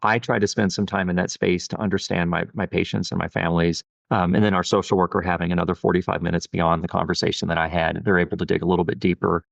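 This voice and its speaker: A man's voice: low-pitched, little pitch movement, fast, creaky, few pauses, no room sound, highs cut off. A middle-aged man, a pediatric endocrinologist, talking earnestly and thoughtfully in a podcast interview, often saying "you know". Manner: earnest, reflective, with many "you know" fillers.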